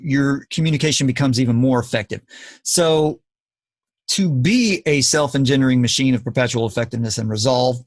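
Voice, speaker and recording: A man's voice: medium pitch, no echo. A man hosting a podcast, talking in an earnest, emphatic, lecturing way. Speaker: podcast host. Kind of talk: casual podcast talk.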